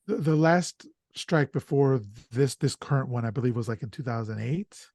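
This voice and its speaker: Excitable, swearing man, dry close sound. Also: mid-range voice, normal speed, dry recording. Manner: excitable, profane storytelling with lots of fillers. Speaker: podcast host. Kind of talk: casual chat.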